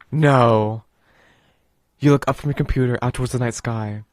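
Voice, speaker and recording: A man's voice: medium pitch, dry recording, clean studio sound. A man streaming a video game, chatting casually in a rambling, playful way full of fillers, and reading the game text aloud.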